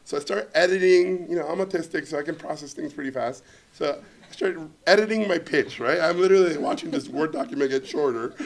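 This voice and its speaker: A man telling a comic anecdote at a student Q&A. His voice sits a little high and carries a gravelly rasp. He is animated, laughs along as he goes, and performs each quoted line. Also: a little fast, slight background noise. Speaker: guest filmmaker at a student Q&A.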